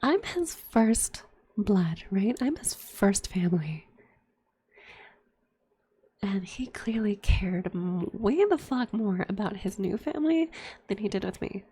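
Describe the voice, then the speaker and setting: A woman's voice: medium pitch, big pitch swings, slow pace, mellow, husky. A young adult woman telling a candid, profane personal story in whispered ASMR chat, full of fillers. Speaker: streamer.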